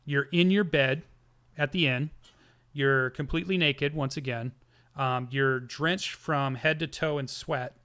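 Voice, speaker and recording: A man narrating a tabletop game as game master, halting often with ums and restarts. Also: medium pitch, steady tone, pushed and bright, smooth.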